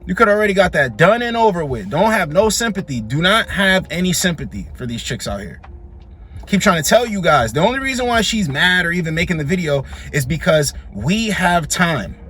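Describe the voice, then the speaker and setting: A man's voice: high voice, sing-song, brisk, fairly bright tone, a little hiss or hum. A man giving blunt, slangy reaction commentary on dating clips, scolding and dismissive.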